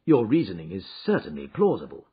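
A man voicing a shrewd, confident detective who lectures in a brisk, precise way, in a dull, muffled recording. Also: lowish voice, wildly swooping pitch, husky, voice pushed down, heavily acted. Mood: lecturing. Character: shrewd confident male detective, middle-aged. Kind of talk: audiobook character reading.

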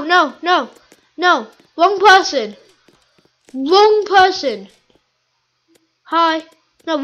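A very high, slow-talking woman chatting excitably as she plays, looping the same lines again and again. Her voice comes through a dull, lo-fi mic. It sounds like a casual gameplay video. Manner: excitable, chatty, repeats phrases. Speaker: gaming video host.

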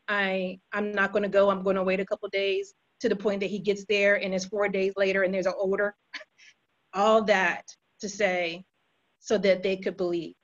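A woman casually retelling a Bible story to a group, chatty, with fillers and self-corrections. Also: mid-range voice. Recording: dull lo-fi recording.

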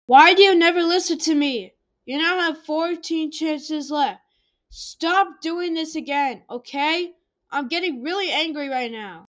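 A woman's voice: sits high, a little slow, highs cut off. A woman voicing an exasperated computer error character who scolds the listener for turning off the computer. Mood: annoyed scolding. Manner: pleading then scolding, rising to shouts.

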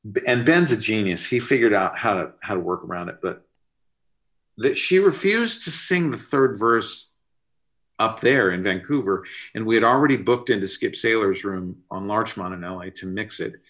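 A middle-aged man, a record producer, telling an animated story in a casual interview. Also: on the low side, normal speed. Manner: animated, expressive, pushes to sudden bursts. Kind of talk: storytelling anecdote in casual conversation.

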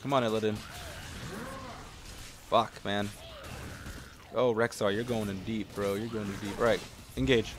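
A young man commentating his own gameplay, excitable and casual, yelling at teammates and swearing, then calmly explaining strategy. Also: lowish voice, unhurried, pauses often, noisy background.

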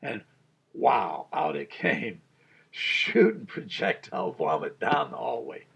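A man's voice: mid-range voice, wildly swooping pitch, slow pace, gravelly, fairly bright tone, breathy edge. A man in his sixties, a pastor, giving an earnest Bible study sermon with a personal story, chuckling as he tells it.

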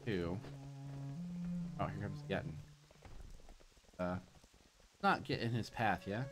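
A man streaming gameplay late at night from a quiet home, sleepy and punchy, rambling and joking to himself as he plays. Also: low voice, takes it slowly, long pauses, over music. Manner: rambling and jokey, talking to himself. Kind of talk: casual gameplay commentary.

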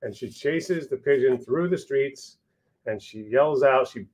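A man's voice: mid-range voice, unhurried, darkish tone, husky, rough recording. A man co-authoring and reading aloud his children's picture book, narrating in a storytelling way with some restarts.

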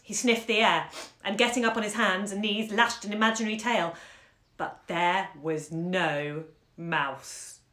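A woman reads a short story aloud at home, lively and acting out the scenes as she goes. Her pitch sits in the middle range, and the phone on a live stream picks up a roomy echo. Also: unhurried. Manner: animated, acts out the story's action. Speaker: bookshop host reading a short story aloud. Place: room at home.

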